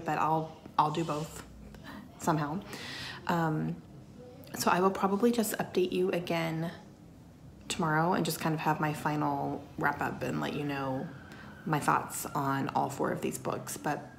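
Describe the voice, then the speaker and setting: Gravelly-voiced chatty woman vlogging. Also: low-pitched, a little hiss or hum. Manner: chatty and upbeat, laughs often. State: talking around a mint in her mouth. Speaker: book vlogger. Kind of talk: casual vlog chat. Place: at home.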